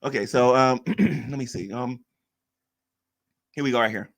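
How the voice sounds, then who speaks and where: A man's voice: medium pitch, unhurried, gravelly. A man hosting a live stream, mocking and arguing with chat commenters in a casual rant. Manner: mocking, combative, reads chat aloud.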